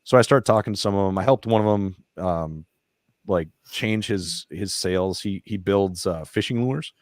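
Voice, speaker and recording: A man's voice: deep voice, normal speed, no room sound, clean studio sound. A man, a veteran who founded a nonprofit, talking as a podcast guest in a casual, candid way, profane and emotional as he retells his stories. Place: podcast studio.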